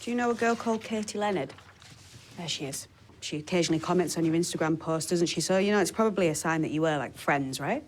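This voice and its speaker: An actress playing a blunt, sardonic police sergeant in a TV drama. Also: female voice, fairly low pitch, fast, lightly acted. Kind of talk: TV drama acting.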